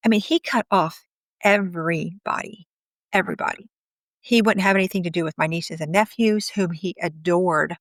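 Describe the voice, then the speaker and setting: This is a woman in her fifties sharing a personal story as an interview guest. She speaks candidly and outspokenly in a fairly low voice and laughs now and then. The sound is dry and close. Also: moderate pace, dry recording.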